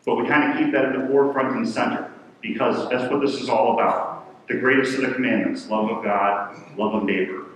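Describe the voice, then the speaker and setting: Male pastor, mid-pitched, earnest and conversational, heard from afar in a big reverberant church. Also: fairly even intonation, brisk, fairly bright tone, a little hiss or hum. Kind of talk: sermon. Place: large church. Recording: echoey church hall from far off, faint ambience.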